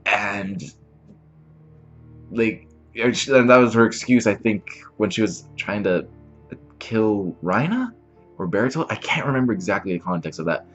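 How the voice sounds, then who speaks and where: A man's voice: fairly low pitch, a little slow, pauses often, muffled recording, faint music behind. A man hosting a reaction channel, recapping an episode in a casual, rambling way with lots of fillers. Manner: animated, rambling retelling with many fillers.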